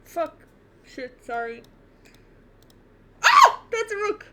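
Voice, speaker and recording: A woman's voice: a little high, a little slow, very noisy. A woman streaming live chess, muttering reactions to herself and chatting to viewers between moves from her bedroom at home. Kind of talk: casual live-stream commentary while playing.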